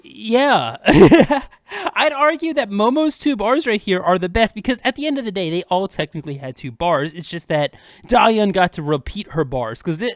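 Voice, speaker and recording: A young man with a high voice hosts a music breakdown channel, chatting upbeat about rap flows in a casual, unedited video packed with fillers. There's no room sound.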